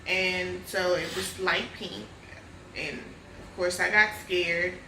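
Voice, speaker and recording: A woman vlogger telling a personal story in a lively casual way, often calling her viewers y'all. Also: lowish voice, slow, reverberant, recorded from a distance, a little hiss or hum, poor audio. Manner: animated, addresses viewers as y'all.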